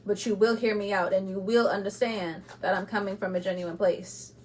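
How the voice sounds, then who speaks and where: A woman giving an intuitive tarot reading to camera, speaking bluntly and with passion, moving between loud urging and quiet asides, with laughs between points. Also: medium pitch, steady tone, normal speed, slight background noise. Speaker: tarot reader.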